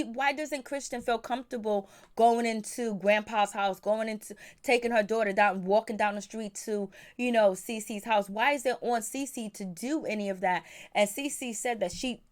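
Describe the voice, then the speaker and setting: Woman doing a chatty reality tv recap, opinionated, quotes folks in voices. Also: medium pitch. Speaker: TV recap host. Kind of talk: casual episode recap.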